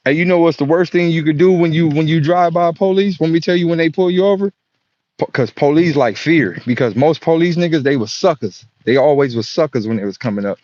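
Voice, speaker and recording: A man delivering a profane, animated comedic monologue, often exclaiming. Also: fairly high pitch, no echo, highs cut off.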